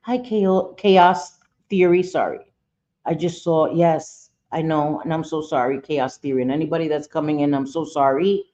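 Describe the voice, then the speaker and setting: Woman, low dark voice, blunt and profane, live stream commentary, dull lo-fi audio. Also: steady tone, moderate pace. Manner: talks straight to viewers and chat.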